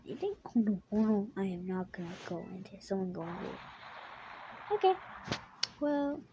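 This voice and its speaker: A young woman giving excitable gameplay commentary, gasping and exclaiming at what happens in the game. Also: medium pitch, unhurried, highs cut off, background noise. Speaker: gaming YouTuber.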